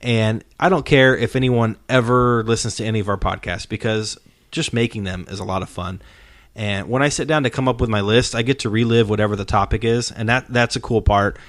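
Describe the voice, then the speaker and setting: A man with a lowish voice hosts a relaxed podcast chat, retelling scenes in a sincere, meandering way. His voice is recorded close and dry, with no room sound around it. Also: a little fast, no room sound. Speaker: podcast host. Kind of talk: casual chat.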